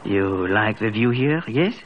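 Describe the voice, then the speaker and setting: An actor with a French accent playing a perceptive, kindly old male country doctor who teases gently and chuckles often, in 1940s radio acting. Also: on the low side, lively intonation, a little slow, background noise. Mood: gently teasing. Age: older. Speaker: village doctor. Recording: muffled old radio broadcast.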